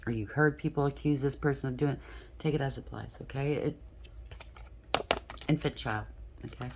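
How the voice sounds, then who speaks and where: A woman's voice: a bass voice, moderate pace, darkish tone, a little hiss or hum. A woman doing a collective tarot reading, talking bluntly and frankly, often checking in with "okay?". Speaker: tarot reader.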